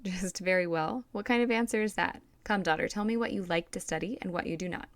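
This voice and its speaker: A stern middle-aged emperor questions his daughter in a measured, probing manner, voiced by a woman reading a storybook. The voice sits low with a gravelly edge, and the sound is close and dry. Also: no room sound, natural voice.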